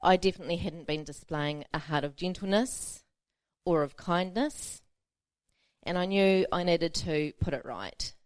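A woman's voice: on the low side, unhurried, no room sound. A woman pastor preaching a sermon, telling a self-mocking personal story with frequent laughter.

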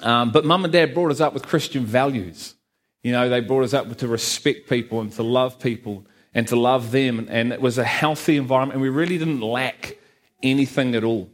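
A middle-aged man speaks to a church congregation in a Liverpool accent softened by New Zealand. He tells his faith story in an earnest, conversational way, leaning on "you know" and "um". His voice sits at an ordinary middle pitch. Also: a little fast. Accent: Liverpool (Scouse), softened by New Zealand. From Liverpool, England. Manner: conversational and earnest, many "you know" and "um" fillers, light humour. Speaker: guest speaker giving testimony. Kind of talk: personal testimony to a church congregation. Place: church hall with a live congregation.

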